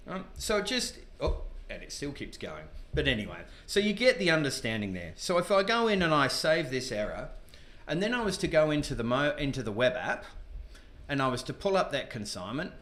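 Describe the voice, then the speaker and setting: A man casually presenting a software tutorial, chatty and informal with frequent asides. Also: a little high. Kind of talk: casual screen-demo tutorial. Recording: echoey room.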